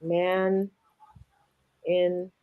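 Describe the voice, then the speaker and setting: A woman's voice: fairly low pitch, little pitch movement, very slow, dark tone. A woman co-hosting a casual livestream chat, joking and teasing. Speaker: livestream co-host.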